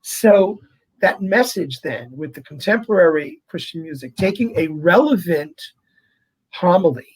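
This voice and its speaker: A man who is a priest, talking in a casual interview and telling stories in a chatty, animated way. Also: high-pitched, measured pace, slightly rough, rough recording. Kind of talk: conversational interview.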